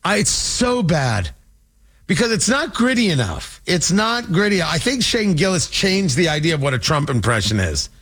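A man delivering an opinionated political monologue, sarcastic and animated, slipping into mocking voices. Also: on the high side, normal speed. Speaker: political commentator.

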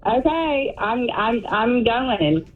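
A woman's voice: a little high, lively intonation, extremely slow. A Midwestern woman in her thirties phones in to a morning radio show and chats freely, her words running together. Her voice comes through a thin, tinny phone line. She sounds slightly distant from the mouthpiece. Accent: Midwestern American. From Indianapolis. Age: 30s. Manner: chatty, runs words together. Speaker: caller.

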